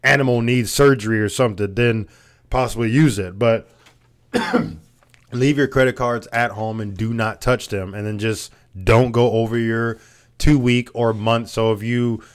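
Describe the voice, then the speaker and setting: A man's voice: medium pitch, steady tone, measured pace. A young man co-hosts a podcast and gives loose, rambling advice packed with fillers. He teases his co-host in easy, casual talk. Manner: rambling, filler-heavy, teasing.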